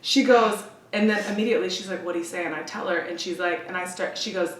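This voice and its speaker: A woman in her thirties, a podcast guest, telling a personal story in a candid, emotional way, often quoting others in a lowered voice. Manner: emotional, intense, quick asides, quotes others in a lowered voice. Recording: roomy echo, distant from the mic, faint hiss.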